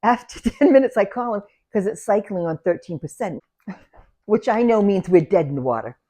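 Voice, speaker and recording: An older woman, casually telling animated stories about her salon and laughing as she goes. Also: mid-range voice, moderate pace. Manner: animated, laughs through anecdotes, loud when acting out yelling. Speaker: salon owner. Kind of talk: casual storytelling.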